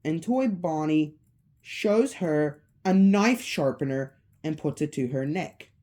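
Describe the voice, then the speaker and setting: A woman retelling a spooky fan story in a relaxed, offhand way. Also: low voice, slow pace. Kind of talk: casual storytelling.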